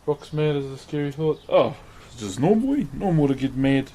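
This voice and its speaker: A young New Zealand man with a slightly high, warm, expressive voice chats casually on a live stream while carving wood. He speaks at a moderate pace, stays laid-back, and laughs often.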